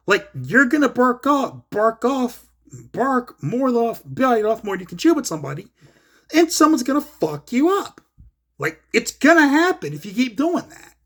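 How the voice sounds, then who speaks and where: In a solo commentary video, a man rants bluntly and profanely about an online argument, quoting the back-and-forth throughout in casual style. His voice is very high and fairly bright, with a breathy edge.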